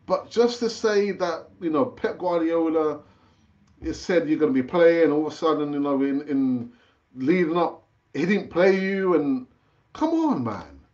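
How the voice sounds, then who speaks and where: A man hosting a casual live-stream football chat, chatty and animated, rambling with fillers and restarts, his pitch jumping up when he gets excited. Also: measured pace, highs cut off. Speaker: football channel host.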